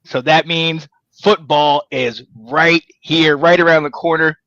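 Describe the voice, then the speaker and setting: A man hosts a casual sports show in a bright, somewhat high voice. He rambles with energy, stacking one thought on the next. The sound is dry and a little dull. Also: a little slow, no echo. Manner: energetic, rambling, pitch jumps when excited. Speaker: podcast host.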